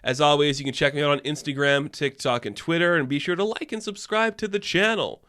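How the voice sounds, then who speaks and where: A man's voice: fairly high pitch, a little fast, bright, forceful tone, dry recording. A young man hosting a podcast, ranting in a casual, profane, exasperated way, recorded on a close mic. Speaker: podcast host.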